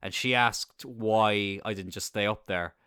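A young man with an Irish accent telling a rambling story in a casual monologue, swearing freely and bursting into excited laughter. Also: on the low side, a little slow, clear, resonant tone, no echo, clean studio sound. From Ireland. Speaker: podcast host.

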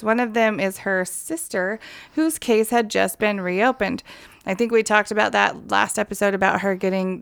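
A woman's voice: mid-range voice, fairly bright tone, clear, resonant tone, dry recording, studio quality. A woman co-hosting a casual true-crime podcast. She giggles often and mimics the people she talks about in put-on voices. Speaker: podcast co-host.

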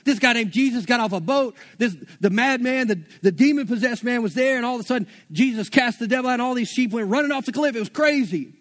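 Excited male herdsman bursting with news, breathless and high-pitched, as a preacher puts him on. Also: fast, hardly any pauses.

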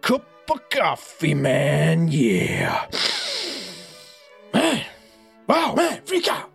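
A man doing a comic impression of a boastful male wrestling champion, reading a promo in a gravelly drawl that ends lines with "yeah". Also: high voice, huge pitch swings, very slow, a bit bright, soft background music, full character voice.

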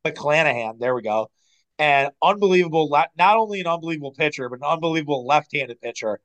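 Dude on a sports podcast, kinda high voice, real smooth and clear, opinionated, swears a bit. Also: male voice, low-quality recording. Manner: animated, opinionated, quick asides and swearing. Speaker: podcast co-host. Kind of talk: casual sports podcast chat.

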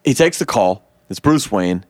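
Animated man retelling a movie scene by scene. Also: moderate pace, dry recording. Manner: animated retelling, acts out quotes in high voices; swears freely. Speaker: podcast co-host. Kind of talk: casual movie breakdown chat.

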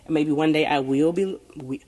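The woman, a bit tipsy after tequila, has a low voice and talks at a normal speed. She is blunt and profane in this casual, candid conversation, breaking into laughter often, with the sound reverberating through a long room.

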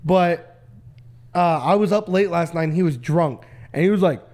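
A man's voice: on the high side, normal speed, darkish tone. A man in his twenties, a podcast co-host, telling a story in loose, slangy, swearing casual chat.

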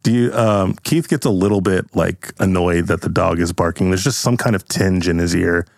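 A man's voice: low-pitched, moderate pace, creaky, no room sound, studio quality. A man narrating an improvised role-play as game master, casually with many fillers.

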